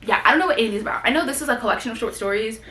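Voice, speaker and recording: A young woman, a book vlogger, rambles and gushes about her latest books in a casual book haul, full of fillers. Her fairly high voice is animated, very fast, pushed and bright. The room at home, with its bookshelf, sounds echoey.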